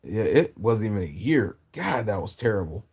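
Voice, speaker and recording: A man from Portland telling personal stories in a casual, rambling, halting way with slang. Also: on the low side, big pitch swings, darkish tone, husky. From Portland, Oregon, US. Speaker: storyteller. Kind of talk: casual storytelling.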